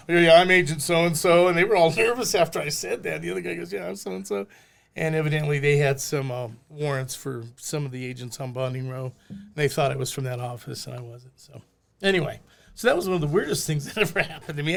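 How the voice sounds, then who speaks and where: A gravelly older man spins stories from his old working days in loose podcast conversation. His voice sits a bit high for a man. He throws himself into the voices of the people he quotes as he talks. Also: fast. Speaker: podcast guest, former bail bondsman. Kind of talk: casual storytelling chat.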